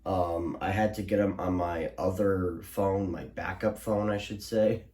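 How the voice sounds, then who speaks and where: A man's voice: sits low, steady tone, a little slow, a little mellow. A young man recapping a storm to his viewers in a casual, rambling way, full of restarts and fillers. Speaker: weather alert vlogger. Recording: roomy echo.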